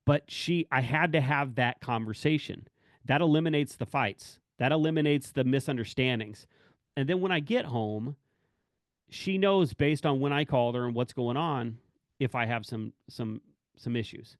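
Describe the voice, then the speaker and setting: A man's voice: medium pitch, moderate pace, no echo, clean studio sound. Rambling man telling candid work stories. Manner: rambling, self-correcting, acts out quoted dialogue. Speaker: corrections officer speaking to staff. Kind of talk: candid spoken talk on work and family.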